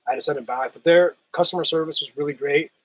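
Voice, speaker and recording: A man hosting a casual livestream, reading chat and answering viewers, his voice still rough as he recovers from a cold. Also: a little high, fast talker, dry recording, poor audio. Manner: laid-back, chatty, laughs often, says "hell yeah".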